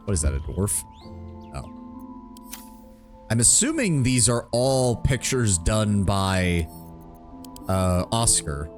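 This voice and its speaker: A man's voice: on the low side, sing-song, slow pace, long pauses. A man giving casual, rambling commentary while playing a game and thinking aloud. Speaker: streamer. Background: game music.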